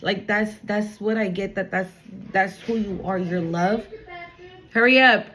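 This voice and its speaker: A woman's voice: mid-range voice, steady tone, measured pace, slight background noise, rough recording. Blunt, chatty woman giving a spiritual reading. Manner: blunt, chatty, swears freely. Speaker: spiritual card reader. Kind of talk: casual spiritual reading to camera.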